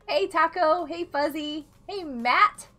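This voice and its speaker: Bright high-voiced woman streaming games. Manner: chatty, giggly, greets chat by name. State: unwell. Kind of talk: live game stream chat.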